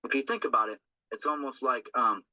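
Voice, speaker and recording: An earnest man works through a recovery reading in a loose, rambling way, often tagging on a quick question to his listeners. His voice is very bright and forward. The recording is dry and dull, with a lo-fi sound. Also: mid-range voice, no room sound. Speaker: recovery group speaker. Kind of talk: informal talk on a recovery text.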